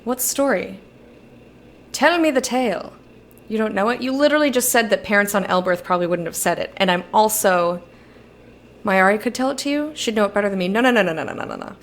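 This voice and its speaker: A woman's voice: medium pitch, a little fast. A young woman casually commenting on a video game as she plays, reading its dialogue aloud between her own thoughts. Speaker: streamer. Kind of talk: casual let's-play commentary.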